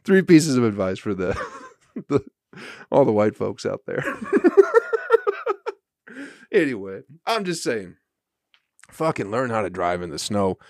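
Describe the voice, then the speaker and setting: Male comedian-podcaster, lower register, swearing casual rant, dry close-miked sound. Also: sing-song, unhurried, long pauses, darkish tone, dry recording. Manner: profane, chuckling, conversational. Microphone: podcast microphone.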